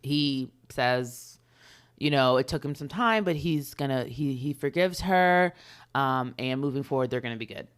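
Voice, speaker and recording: Smooth-voiced woman retelling a story. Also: very deep voice, normal speed. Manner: chatty storyteller, many ums, acts out quotes. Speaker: podcast co-host. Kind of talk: casual chat, retelling a story.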